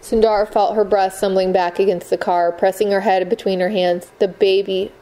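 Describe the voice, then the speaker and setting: A woman narrates a novel aloud with measured, expressive pacing. Her voice is warm and mellow, sitting at a middling pitch. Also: rough recording. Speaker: audiobook narrator. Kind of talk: scripted narration.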